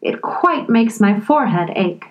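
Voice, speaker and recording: A woman reading a storybook, voicing an anxious, weary king who speaks slowly. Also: mid-range voice, lively intonation, highs cut off, close to an everyday voice. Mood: fretful. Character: fussy anxious old king of a court.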